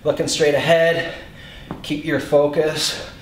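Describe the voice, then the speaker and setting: A man's voice: fairly high pitch, level tone, slow, roomy sound, a little hiss or hum. A male fitness instructor coaching a home workout, counting reps aloud and calling out short commands.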